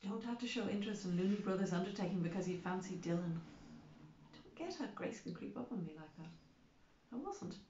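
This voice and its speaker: A woman's voice: mid-range voice, animated, fairly quick, dark tone. A woman narrating an audiobook in the first person, with a wry, chatty manner. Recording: roomy, slightly dull recording.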